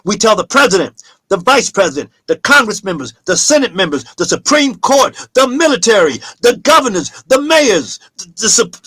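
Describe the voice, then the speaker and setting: On his talk show, a man launches into an impassioned political monologue, preachy and emphatic, shouting at times. His voice sits high, and there's no echo.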